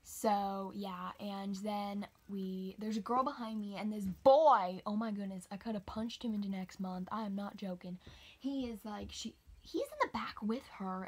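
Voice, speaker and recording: A teenage girl telling a rambling storytime for her channel, chatty with many fillers and soft whispered asides. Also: mid-range voice, a little slow, breathy edge. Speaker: vlogger. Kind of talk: casual storytime.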